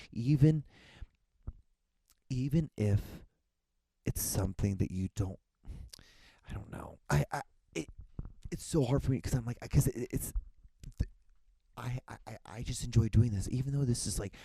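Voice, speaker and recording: A man's voice: fairly low pitch, gravelly, dark tone, breathy edge, no room sound. A young man hosting a solo podcast, rambling with frequent restarts and casual swearing. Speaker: podcast host.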